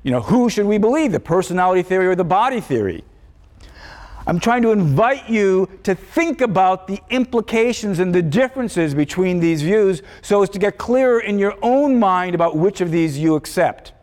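A man's voice: high voice, animated, moderate pace, darkish tone. A man giving a conversational university philosophy lecture, thinking aloud and correcting himself as he goes. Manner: thoughtful, conversational, self-correcting. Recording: long lecture-hall reverb.

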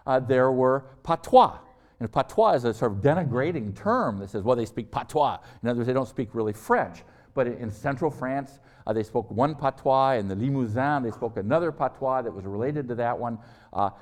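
An older man giving a history lecture, halting, with many fillers and restarts and wry asides. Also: fairly low pitch, darkish tone. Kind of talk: university lecture.

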